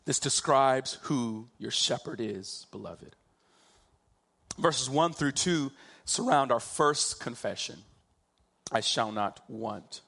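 A man preaching a sermon, slow and emphatic, drawing out key phrases for weight. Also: medium pitch, expressive, gravelly, a bit bright.

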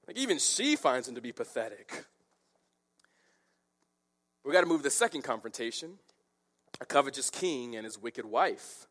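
A male preacher with a fairly high voice, working through a scripture passage. His pitch swings widely as he talks, and he drops into casual asides to make his points. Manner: animated, conversational, with quick asides. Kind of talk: expository sermon.

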